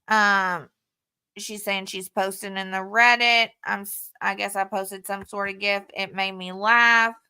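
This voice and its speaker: A woman's voice: mid-range voice, fairly even intonation, measured pace, pushed and bright, clear, resonant tone. A woman talking to camera in a frustrated, heated way, swearing often while walking through text messages. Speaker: vlogger. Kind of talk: casual talk to camera, reading out text messages.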